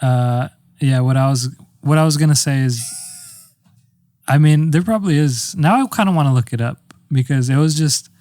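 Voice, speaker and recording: A man's voice: a little high, moderate pace, a little mellow, dry recording, clean studio sound. A young man co-hosting a podcast, rambling and dryly teasing in casual comedic chat. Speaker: podcast co-host.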